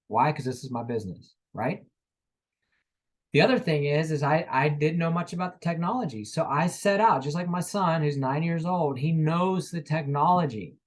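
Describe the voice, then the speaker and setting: A man with a fairly high voice runs a motivational sales training. He speaks with energy, switching into little acted-out conversations with customers to make his points. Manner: energetic, acts out sales dialogues.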